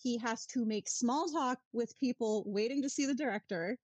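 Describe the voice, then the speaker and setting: A woman co-hosting a podcast in a casual chat, wry and sweary with quick asides. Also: on the high side, a little mellow, breathy edge, no echo. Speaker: podcast co-host.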